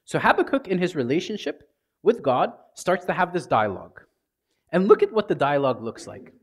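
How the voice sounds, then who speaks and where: A man's voice: a little high, sing-song, normal speed. A man, a priest, giving a conversational sermon and acting out prayers in everyday speech.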